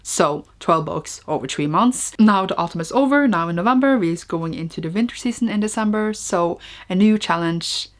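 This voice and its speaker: Chatty Norwegian-accented woman, lowish voice. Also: animated, normal speed, few pauses. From Norway. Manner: chatty, rambling, peppered with "like"; self-mocking and giggly. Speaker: book vlogger. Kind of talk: casual book review vlog.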